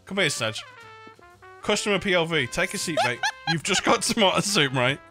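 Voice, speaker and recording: A man's voice: fairly high pitch, animated, normal speed, music in the background. A man streaming a game, joking around casually and saying "mate" at the end of nearly every sentence. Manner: jokey, says "mate" constantly. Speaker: gaming streamer. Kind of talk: casual chat while playing.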